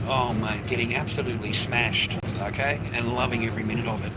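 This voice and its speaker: An Australian man live-streams from a city street and a bus, rambling casually, swearing freely and calling everyone mate. His medium-pitched voice is fairly quick and even, against loud traffic and city noise.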